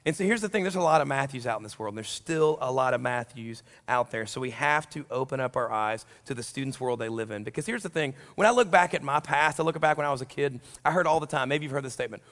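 A youth pastor preaching a sermon in a joking, animated way, acting out quotes for the congregation. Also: male voice, medium pitch, fast talker, few pauses. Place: large church hall during a service. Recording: long reverb of a large hall.

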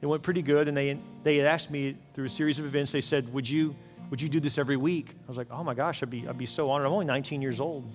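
A man's voice: medium pitch, steady tone, fast. A middle-aged man preaching a sermon as pastor, telling a personal story in an earnest way and often repeating words as he goes. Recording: long hall reverb with faint music.

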